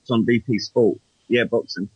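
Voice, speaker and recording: A man's voice: lowish voice, fairly even intonation, normal speed, darkish tone, slightly rough, no room sound, highs cut off. A man in casual chat as a podcast co-host, rambling and hesitant, often restarting his sentences, heard over an online call.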